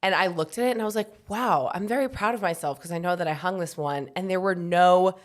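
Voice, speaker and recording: A young woman with a slightly low voice chatting on her podcast. She sounds a little short of breath from pregnancy and keeps a teasing, laughing tone. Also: quick pace. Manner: playful, teasing, laughs often. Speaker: podcast co-host. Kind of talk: casual chat.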